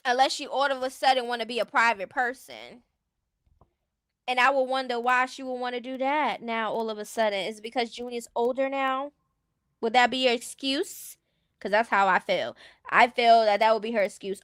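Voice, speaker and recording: Brief: high-pitched woman streamer, sassy and blunt, dry close sound. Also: moderate pace, a bit bright, no room sound. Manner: blunt, sassy, laughs often. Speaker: stream host. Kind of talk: casual commentary chat.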